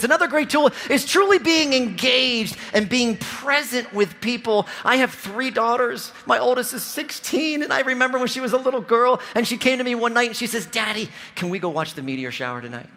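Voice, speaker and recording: His pitch is extremely high, though he speaks at a normal speed. He's a forties-aged Ohioan delivering a lively motivational keynote full of stories, playing directly to a large convention audience from a big hall's stage.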